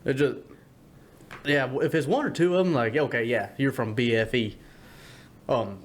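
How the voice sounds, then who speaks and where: A man's voice: mid-range voice, moderate pace. A man co-hosting a casual podcast, rambling and swearing as he makes his point. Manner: rambling, profane, lots of restarts. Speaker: podcast co-host. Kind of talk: casual chat.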